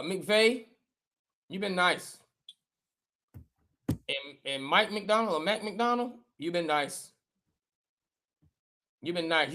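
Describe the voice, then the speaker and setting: Animated, emphatic man talking football. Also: high-pitched. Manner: animated and emphatic, slangy, trash-talking, repeats himself. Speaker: show co-host, former football player. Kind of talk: casual sports talk on a live show.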